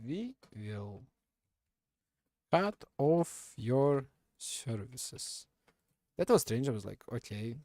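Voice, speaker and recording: Unhurried man with a lively, swooping voice. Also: medium pitch, no echo. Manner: rambling, self-correcting, laughs at himself. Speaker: live streamer. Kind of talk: casual storytelling on a live stream.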